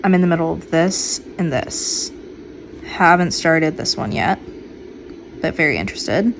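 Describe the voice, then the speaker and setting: Excitable woman gushing about books. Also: deep voice, a little slow, gravelly, background noise. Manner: gushing, excitable, drops to whispers. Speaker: book vlogger. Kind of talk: casual vlog chat.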